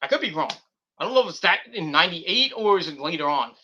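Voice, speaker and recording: Guy rambling about wrestling, really bright tense voice, kinda high, lots of restarts. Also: very animated, quick pace, muffled recording, slight background noise. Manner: rambling, giggly, many restarts and fillers. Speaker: wrestling show reviewer. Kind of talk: rambling casual commentary.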